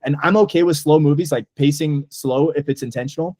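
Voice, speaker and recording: A man chats through a movie review with eager, rambling enthusiasm, leaning on fillers as he goes. His voice sits a little on the high side. The sound is dry and close, with no room around it. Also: a little fast, darkish tone, no room sound. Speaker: podcast co-host. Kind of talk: casual movie review chat.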